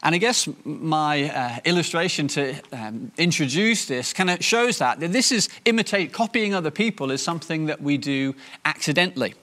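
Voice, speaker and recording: A man giving a sermon in a conversational way, pausing often with fillers and restarting his sentences. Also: on the high side, animated, pushed and bright. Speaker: preacher.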